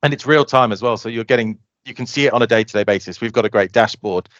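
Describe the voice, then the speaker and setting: A man, a guest on a podcast, explaining his software eagerly and acting out customers' lines. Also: medium pitch, no echo, muffled recording. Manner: fast, animated explaining, acts out customer quotes. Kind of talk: casual podcast interview.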